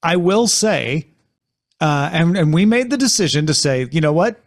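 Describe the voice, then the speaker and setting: A man hosts a casual TV discussion podcast, chatting animatedly with playful jumps in his voice. His pitch is fairly high, his delivery sing-song, and his pace measured.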